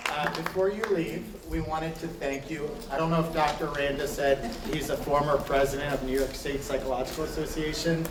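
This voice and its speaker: Male event host, raised pitch, gives short thanks from far off in a reverberant room. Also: fairly even intonation, a little fast, few pauses, crowd noise. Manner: brief, appreciative closing remarks. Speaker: event organizer thanking the speaker. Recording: roomy hall, distant mic, noise.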